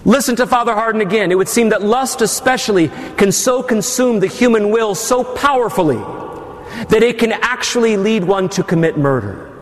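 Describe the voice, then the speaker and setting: A man's voice: high-pitched, moderate pace. A male priest giving a sermon to his congregation, with teasing asides. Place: church. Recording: long church reverb.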